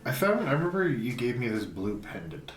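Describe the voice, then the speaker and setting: A man's voice: medium pitch, sing-song, a little fast. A man playing a tabletop game in character, talking politely and hesitantly with many restarts. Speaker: player. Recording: roomy sound from a distant mic, music behind.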